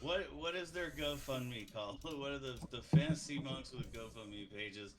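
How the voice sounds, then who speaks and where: A man's voice: mid-range voice, normal speed, over a noisy crowd. A man playing in a tabletop game who talks emphatically and rambles in casual chat. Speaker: player.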